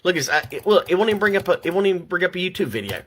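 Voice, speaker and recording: Here the older man's voice is high and very animated, racing along with a faint hiss or hum in the recording. At home and clearly shaken, the vlogger vents furiously at his audience, repeating and fumbling his words.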